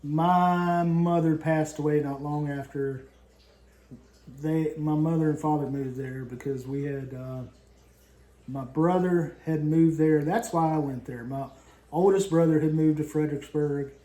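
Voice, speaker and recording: A man's voice: on the high side, fairly even intonation, unhurried, dark tone, reverberant. A man in his fifties from southern West Virginia, chatting casually on a vlog in a rambling, folksy storytelling way. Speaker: vlog co-host. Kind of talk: casual chat.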